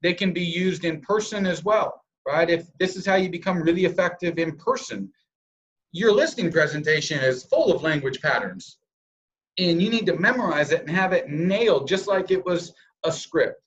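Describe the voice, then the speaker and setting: A man's voice: high-pitched, lively intonation, moderate pace, fairly bright tone, dull audio. A man giving a sales training presentation over a call, coaching listeners and acting out example scripts in different tones.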